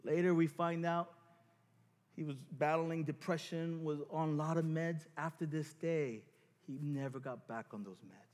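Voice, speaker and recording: A man preaching a sermon as pastor, animated and self-mocking as he acts out scenes from his story. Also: on the high side, normal speed, in a large hall.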